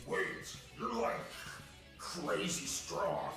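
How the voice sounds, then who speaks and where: A man's voice: sits high, wildly swooping pitch, extremely slow, heavily acted. An actor voicing a cocky, swearing young male thug in a video game. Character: brash young male thug, defeated enemy. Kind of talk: game voice acting. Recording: distant echoey game audio with music.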